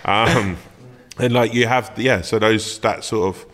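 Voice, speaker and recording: A man who speaks in a fairly low voice. He tells his stories in a loose, laughing way and swears freely, like a comedian guest on a chat show. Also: steady tone, unhurried, fairly bright tone, big-room sound, a little hiss or hum. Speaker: comedian and actor, podcast guest. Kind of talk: casual chat, telling anecdotes.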